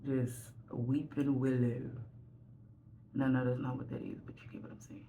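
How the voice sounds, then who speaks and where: Woman with a creaky voice telling a story. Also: extremely low pitch, level tone, normal speed, mellow, lo-fi sound, slight background noise. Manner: candid, rambling, self-deprecating. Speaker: vlogger. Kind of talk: casual storytime while getting ready. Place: at home.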